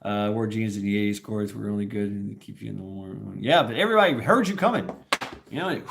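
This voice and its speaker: A man's voice: lowish voice, gravelly. A man talking in a casual, rambling livestream chat, restarting sentences often and chuckling as he goes. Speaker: host.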